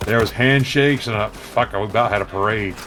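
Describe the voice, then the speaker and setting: A man's voice: fairly low pitch, fairly quick. A man telling a profane story casually while streaming a game, acting out the voices of the people he quotes. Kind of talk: casual storytelling over gameplay. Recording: loud background music.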